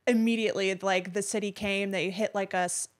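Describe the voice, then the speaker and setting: A woman guest on a podcast tells a story in a plain mid-pitched voice. She talks loosely and casually. She leans on "like" as a filler. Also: fairly even intonation, brisk. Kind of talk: casual chat.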